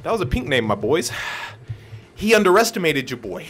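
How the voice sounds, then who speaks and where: A young man giving chatty gameplay commentary, explaining his own mistakes and breaking into excited shouts at his opponent. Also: a little high, brisk, long pauses, breathy edge. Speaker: gaming YouTuber.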